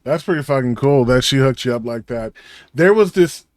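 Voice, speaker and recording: A man's voice: mid-range voice, animated, normal speed, a little mellow, dry recording, clean studio sound. A man co-hosting a podcast, telling rambling stories in casual chat and swearing freely. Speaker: podcast co-host.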